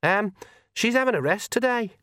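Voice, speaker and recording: A bashful young witch stumbling over her words, as a man puts her on. The voice lifts higher and tumbles out in halting bursts, full of ums and stalls. It sounds dry and close. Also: lively intonation, a bit bright, no room sound. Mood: flustered. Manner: stammering, hesitant, full of ums. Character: nervous young witch girl, awkward.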